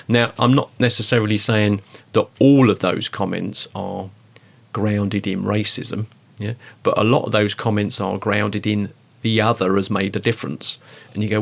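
A man in a relaxed discussion, talking in an animated, rambling way with lots of fillers. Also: lowish voice, moderate pace, vocal fry. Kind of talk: conversational discussion.

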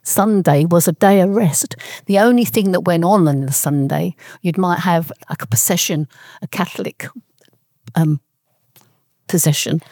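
Older woman, low and mellow, telling family memories in halting, meandering stretches. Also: no room sound, studio quality. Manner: rambling, halting storyteller. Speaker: interviewee. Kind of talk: oral history reminiscence.

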